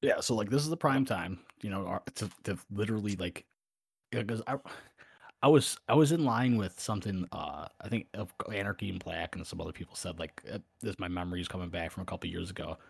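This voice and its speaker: A man's voice: sits low, fairly quick, gravelly, husky, no echo. A man co-hosting a podcast in casual, profane chat, blunt and rambling, swearing constantly. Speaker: podcast co-host.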